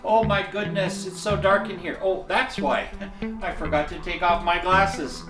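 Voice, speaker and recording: A man in the role of Santa, reading a bedtime story in a gentle, chuckling, folksy way. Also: sits high, unhurried. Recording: echoey room, mic at a distance, soft music.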